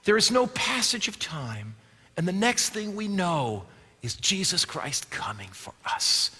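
A male pastor preaching a sermon, swinging from loud declaiming to a hushed near-whisper and asking his listeners rhetorical questions. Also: high-pitched, big pitch swings, unhurried, husky. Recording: long hall reverb.

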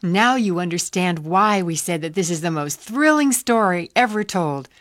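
A woman's voice: fairly low pitch, expressive, normal speed, dry recording, clean studio sound. A woman hosting a Bible program, cheerful and upbeat in scripted presenting. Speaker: program host.

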